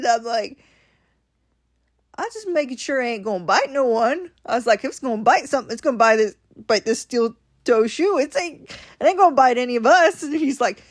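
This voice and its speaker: A woman's voice: fairly high pitch, expressive, moderate pace. A woman from Ohio casually telling a story from her week, animatedly acting out what people said. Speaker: vlogger.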